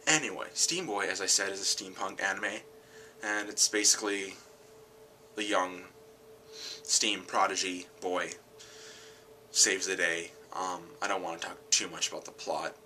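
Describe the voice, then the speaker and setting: A tired man rambling casually about an anime film, correcting himself often and getting animated when something annoys him. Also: low-pitched, a little slow, a little hiss or hum, rough recording. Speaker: channel host.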